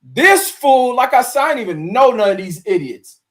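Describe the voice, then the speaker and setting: Man, high voice, angry profane rant, streamer host. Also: big pitch swings, moderate pace. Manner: loud, combative, heavy cursing, stumbles over names. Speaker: show host.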